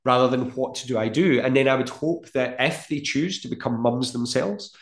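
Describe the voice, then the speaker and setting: A man's voice: medium pitch, moderate pace. A middle-aged man, speaking as a podcast guest. He talks earnestly and explains with everyday comparisons. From Scotland. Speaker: guest, mental health practitioner. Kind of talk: casual podcast conversation. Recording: echoey room.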